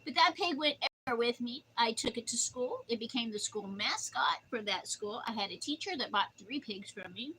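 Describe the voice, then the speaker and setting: A woman's voice: a little high, lively intonation, brisk, hardly any pauses, bright, forceful tone, slight background noise, poor audio. An older woman chatting casually on her livestream, rambling through stories and cooing at her dog. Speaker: livestream host.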